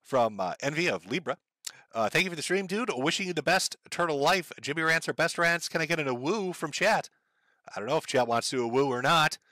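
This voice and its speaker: A sardonic man live-streaming from his desk, cursing freely as he rants and reads viewer messages. His voice is bright and swings widely in pitch. The close microphone sounds dry and present. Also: animated, a little fast, dry recording. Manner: profane, ranting, sardonic. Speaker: streamer reading viewer donations. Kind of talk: casual live-stream commentary.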